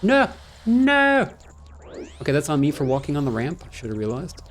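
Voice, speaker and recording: A man casually commentating his video game playthrough, excitable and jokey, rambling with panicky outbursts. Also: mid-range voice, very fast, noisy background. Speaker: gaming channel host. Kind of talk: casual let's-play commentary.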